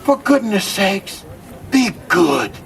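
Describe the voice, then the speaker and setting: A man's voice: high-pitched, big pitch swings, slow pace, vocal fry, a bit bright, distant mic, slight background noise, heavily acted. A man playing a jolly old Christmas gift-bringer, telling holiday stories to a live crowd with theatrical exclamations and frequent chuckles. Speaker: costumed storyteller. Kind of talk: live character storytelling to a crowd.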